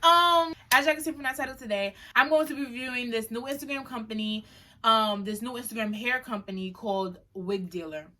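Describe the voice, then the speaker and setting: Young woman vlogger; chatty, slangy storyteller, bright and a touch high. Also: a little fast. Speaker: beauty vlogger. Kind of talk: casual unboxing vlog.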